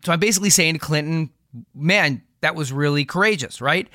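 A man co-hosting a podcast, telling a story in a quick, chatty way and laughing easily. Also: fairly high pitch, bright, forceful tone, dry recording, studio quality. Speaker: podcast co-host. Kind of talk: casual podcast chat.

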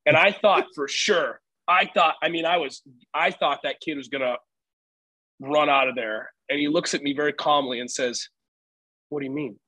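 A young man tells a rambling story on a podcast, his voice bright and forward. He laughs easily as he goes. The sound is dry and close, with no room around it. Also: fairly high pitch, steady tone, normal speed, dry recording, rough recording. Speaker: podcast co-host. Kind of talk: casual storytelling chat.

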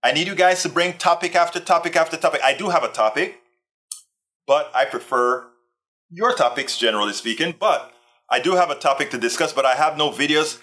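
A Texas man hosts a casual live stream in a slightly high, slightly fast voice that sounds pushed and bright. Tired and nursing a sore back, he rambles and reads out viewer comments.

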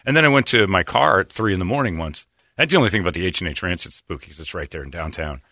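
Man, radio host, low voice, lively swings in pitch, bright tone, dry studio sound. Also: fast talker, dry recording. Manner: rambling storyteller, laughs often, acts out quotes. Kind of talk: casual talk radio banter.

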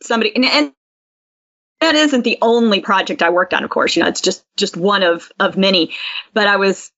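A woman's voice: medium pitch, fairly quick, fairly bright tone. A woman co-hosting a podcast, chatty with lots of ums. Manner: chatty, many fillers. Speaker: podcast co-host. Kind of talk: casual chat. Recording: dull lo-fi sound.

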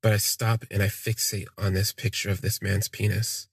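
A man telling a personal story in the first person, in a halting, reflective way that trails off and restarts. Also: on the low side, little pitch movement, gravelly, slightly rough, no echo, clean studio sound. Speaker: podcast storyteller.

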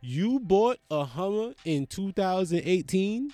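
A man from the United States delivering a profane, incredulous comedic rant, with loud, animated jumps in his delivery. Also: high voice, slow pace, few pauses, no echo, soft background music.

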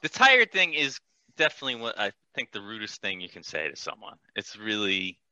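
Man with a very bright, teasing voice. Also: fairly low pitch, sing-song, a little fast, dry recording, rough recording. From a big US city. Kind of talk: casual podcast chat.

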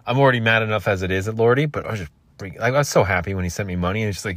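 Low-voiced man rambling through a story. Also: rapid-fire, a bit bright, no room sound. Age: 30s. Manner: rambling, self-mocking, casual swearing. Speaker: podcast host.

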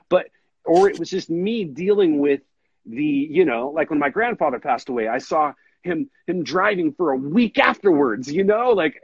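A man hosting a casual podcast goes on a long, earnest ramble, repeatedly calling his friend dude. His voice is husky, on the high side, and a little breathy at the edges. The dull, dry recording has no room sound.

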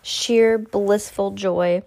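A woman's voice: mid-range voice, drawn-out words, vocal fry, slight background noise. Woman reading a storybook aloud. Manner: expressive, with small slips and restarts. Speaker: reader to a child.

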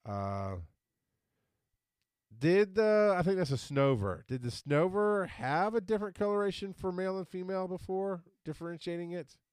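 Middle-aged male co-host, smooth resonant voice, dry close sound, rambling casual chat. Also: sits high, moderate pace, dry recording. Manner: rambling, stumbles over words, animated when amused. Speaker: podcast co-host.

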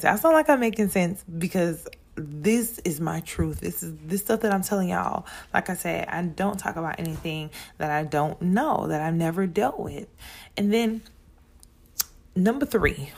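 Gravelly-voiced chatty woman podcaster. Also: fairly low pitch, a little mellow. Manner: chatty, repeats words and restarts, addresses listeners as y'all. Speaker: podcast host. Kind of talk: casual monologue.

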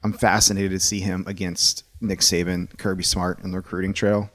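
A man's voice: low-pitched, flat delivery, normal speed, fairly bright tone, no room sound. A man co-hosting a sports podcast, talking in a casual, opinionated and rambling way, with frequent restarts.

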